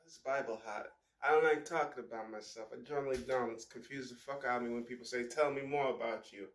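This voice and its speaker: A young man talking to camera in a rambling, emotional monologue that swings into loud outbursts. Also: medium pitch, steady tone, quick pace. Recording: echoey room.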